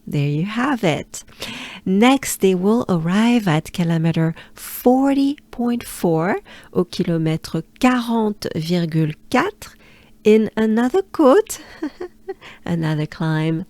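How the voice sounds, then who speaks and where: A French woman coaching pronunciation at a very slow, deliberate pace, repeating each syllable and inviting the listener to join in. Her voice is dry and close, with no room sound around it. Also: mid-range voice, big pitch swings, a little mellow, dry recording. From France. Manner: patient, repeats syllables slowly and leads the listener along. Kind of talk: slow, drilled pronunciation lesson.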